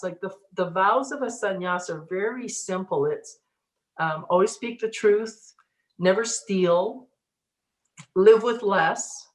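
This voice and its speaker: A middle-aged woman, a spiritual teacher, telling her life story in a casual interview, animated and laughing often. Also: mid-range voice, echoey room. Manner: animated, laughs often, acts out inner voices.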